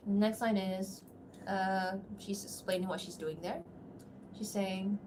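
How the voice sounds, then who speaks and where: A woman's voice: mid-range voice, fairly even intonation, a little slow, background noise. A young woman chatting casually on a livestream as a voice actor, laughing often and reacting to the comments. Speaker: voice actor streamer. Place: at home, seated.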